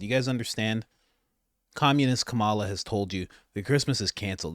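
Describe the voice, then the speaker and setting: A man hosting political commentary over clips, sarcastic and animated, laughing often. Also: fairly low pitch, fairly quick, no room sound, clean studio sound.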